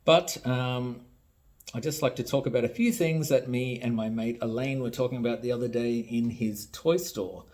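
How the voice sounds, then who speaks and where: A man's voice: medium pitch, normal speed, darkish tone. A tired Australian man who makes toys, ranting in a blunt, sarcastic and profane casual vlog. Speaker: toy maker and vlogger. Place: home.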